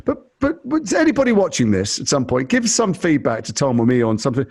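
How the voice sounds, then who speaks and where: A man's voice: mid-range voice, wildly swooping pitch, fast talker, darkish tone. A middle-aged man as a guest in a casual video-call chat, wry and self-mocking, given to rambling.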